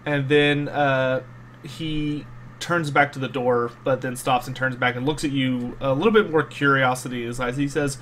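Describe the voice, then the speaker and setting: A man's voice: medium pitch, fairly even intonation, moderate pace, fairly bright tone. Guy running a tabletop game, lots of ums and uhs, slight hiss behind. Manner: hesitant, many ums and uhs. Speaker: game master.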